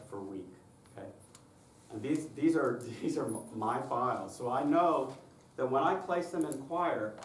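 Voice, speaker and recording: A man presenting a choir directors' workshop, explaining his methods step by step and often checking in with the audience with "okay?". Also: mid-range voice. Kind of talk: conference lecture with demonstrations. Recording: roomy and distant with faint noise.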